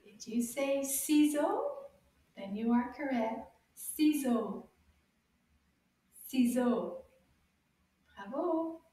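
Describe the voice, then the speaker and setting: Lady teacher for kids, very echoey room, bit far from the mic, repeats words slow and clear. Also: sits high, lively intonation, mellow. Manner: encouraging, repeats words clearly, gives sound clues. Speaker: French teacher for children.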